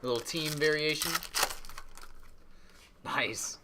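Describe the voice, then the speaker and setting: A man's voice: fairly high pitch, takes it slowly, noisy background. A man casually reading out trading cards as he opens packs on a live stream. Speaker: card box breaker. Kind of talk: live-streamed card break commentary.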